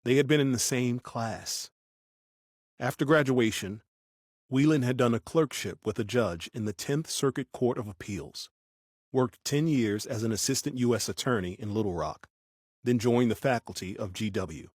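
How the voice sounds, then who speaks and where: A man narrating a thriller audiobook in the first person, steady and measured, on a close studio mic. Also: mid-range voice, no room sound.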